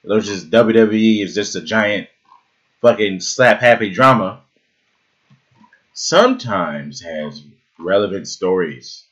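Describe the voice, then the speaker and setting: A man with a low voice that swings widely in pitch, chatting casually with friends on a podcast. He rants, swears freely and breaks into loud laughter. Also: lively intonation, takes it slowly, long pauses, muffled recording. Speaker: podcast co-host. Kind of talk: casual chat.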